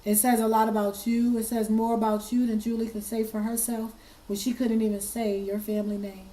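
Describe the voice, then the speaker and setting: A woman talks to her audience with a hoarse, tearful voice that she keeps steady. Her tone is dark and mellow and stays mostly level. She is earnest and repeats herself as she presses on. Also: a little high, a little fast, low-quality recording. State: hoarse, fighting tears. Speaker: commentary channel host. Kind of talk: emotional commentary.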